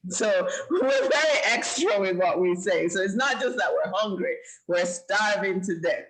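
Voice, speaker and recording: A woman's voice: mid-range voice, lively intonation, normal speed, poor audio. A woman hosting a live-streamed children's show over a video call, chatty and encouraging. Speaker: host of a kids' show.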